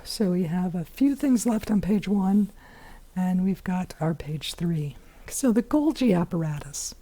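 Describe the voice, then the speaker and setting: A hoarse woman teaching biology in a chatty recorded lesson, with many fillers and whispery asides. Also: on the low side, lively intonation, unhurried, warm tone.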